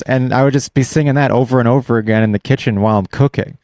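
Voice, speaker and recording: A man co-hosting a podcast chats casually in a middle-pitched voice, dropping in quick jokes. The recording is dry and close, with no room echo. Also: a little mellow. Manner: joking asides and laughing. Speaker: podcast co-host. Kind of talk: casual chat.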